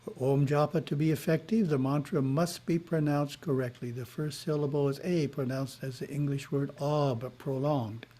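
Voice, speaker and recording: A man giving a spiritual lesson in a webinar, reading in a measured way with short asides, heard over a video call. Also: on the high side, steady tone, warm tone. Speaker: spiritual teacher.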